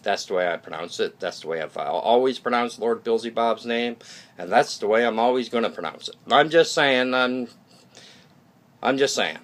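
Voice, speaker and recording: A man's voice: mid-range voice, a bit bright. A man talking casually to his channel viewers in a blunt, rambling monologue, often restarting sentences and checking in with "okay?", with some mild swearing. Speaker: YouTube channel host.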